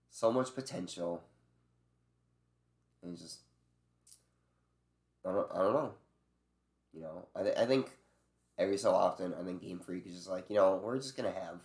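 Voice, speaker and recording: A deep-voiced man talks through his favorite game creatures in a loose, rambling way, swearing freely and trailing off into fillers. His voice sits low and rings in a roomy, echoey space. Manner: loose and profane, with many fillers and restarts. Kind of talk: casual rambling chat. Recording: echoey room.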